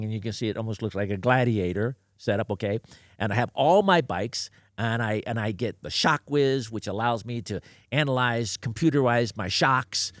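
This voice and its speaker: An older man with a mid-range voice appears as a guest on an interview podcast, telling stories bluntly and animatedly while voicing both sides of each conversation. The audio is clean studio sound without echo.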